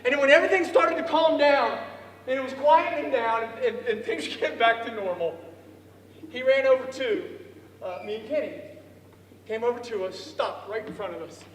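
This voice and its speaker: High-voiced man telling a story in an echoey hall. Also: moderate pace, recorded from a distance, slight background noise. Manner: animated, acts out voices, laughs often. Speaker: storyteller speaker. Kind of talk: storytelling speech.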